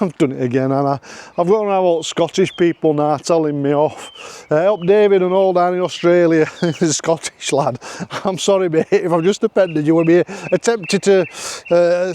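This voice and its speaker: A man's voice: sits high, darkish tone. A middle-aged man with a Yorkshire accent, chatting jokily in a casual travel vlog from a campsite, filming himself on a handheld phone and repeating his phrases. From Yorkshire, England. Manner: chatty, jokey, repeats phrases, laughs often. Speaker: vlogger. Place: outdoors at a campsite.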